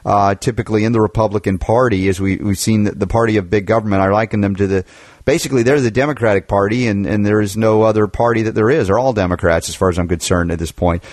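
A man's voice: lowish voice, steady tone, fast talker, darkish tone, no echo, clean studio sound. Opinionated male talk radio host. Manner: opinionated, rambling with restarts. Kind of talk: political talk radio chat.

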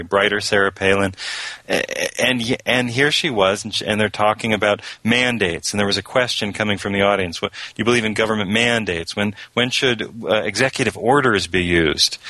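A man as a guest on a talk radio show, telling stories sardonically and mocking politicians with quick impressions. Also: on the low side, sharp tone, no room sound, poor audio.

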